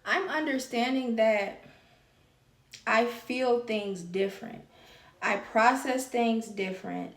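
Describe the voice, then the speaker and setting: A woman's voice: a little high, slow, roomy sound, distant mic. A woman hosting a podcast, talking openly and emphatically about her feelings and repeating phrases to drive her point home. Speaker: podcast host. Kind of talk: personal monologue on healing.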